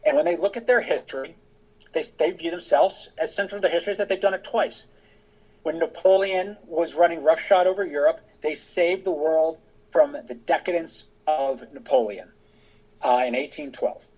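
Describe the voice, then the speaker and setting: Man, middle-aged, husky, a bit high-pitched, casual interview guest, thinks aloud as he explains. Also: moderate pace, a little mellow, poor audio. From United States. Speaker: guest, author and veteran.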